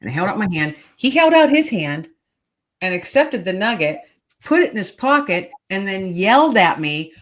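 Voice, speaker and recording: A woman's voice: mid-range voice, sing-song, normal speed. A middle-aged woman, a podcast guest, earnestly telling a heartfelt personal story in conversation and repeating key phrases for emphasis.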